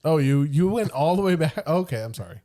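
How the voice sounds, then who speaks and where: A man's voice: on the high side, animated, a little fast, warm tone. A man hosting a casual podcast, teasing his co-host and cracking jokes as they talk. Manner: teasing, jokey, slips into silly voices. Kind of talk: casual chat.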